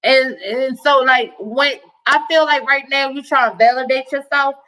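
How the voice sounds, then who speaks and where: A woman's voice: high-pitched, normal speed, bright, forceful tone, rough recording. A woman hosting a casual chat, speaking in an earnest, affirming, encouraging way. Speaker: host.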